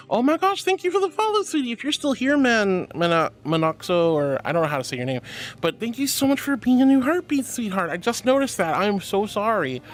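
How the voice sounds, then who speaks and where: A bubbly, affectionate woman streamer chats casually on a live stream, reading out messages from chat and calling her viewers sweetie and honey. Her voice sits at a medium pitch.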